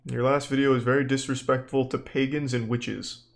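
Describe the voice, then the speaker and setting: A young man streaming live, chatting casually with viewers in a deadpan, exasperated way, swearing freely. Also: mid-range voice, moderate pace, gravelly. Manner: deadpan, profane, exasperated rants at chat.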